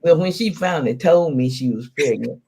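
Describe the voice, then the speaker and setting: A woman's voice: low-pitched, animated, moderate pace, creaky, dark tone, slightly rough. A woman guest, the grandmother, bluntly recounting what she told her granddaughter. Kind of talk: storytelling on a live podcast.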